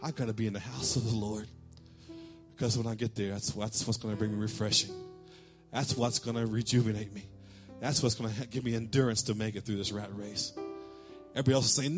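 A male pastor preaching a sermon in church, telling a lively story and calling out cheers in a raised voice. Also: on the low side, quick pace, over music. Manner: animated storytelling, shouting quoted cheers.

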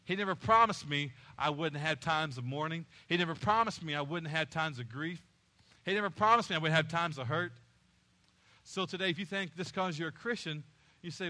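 A man's voice: on the high side, a little fast, bright, forceful tone. A male pastor preaching a sermon, repeating key phrases and rising in passion as he goes.

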